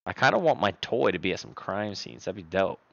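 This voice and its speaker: Animated young man livestreaming. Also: low voice, fairly quick, creaky, no room sound. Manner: animated, swings between loud outbursts and mumbling. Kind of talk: casual live-stream chat. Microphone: streaming microphone. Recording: dry, dull lo-fi sound.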